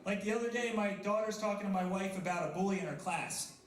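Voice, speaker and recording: A man's voice: high-pitched, fast talker. A man in his thirties performing a stand-up comedy set at a coffee house, self-deprecating and chatting with the crowd. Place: coffee house stage before a live audience. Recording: roomy live venue sound.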